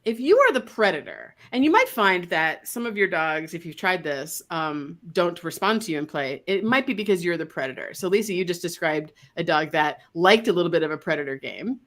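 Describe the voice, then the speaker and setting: Woman, dog trainer, guest interview, lively swooping voice, animated, acts out dogs. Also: lowish voice, brisk, few pauses. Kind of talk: casual interview explaining.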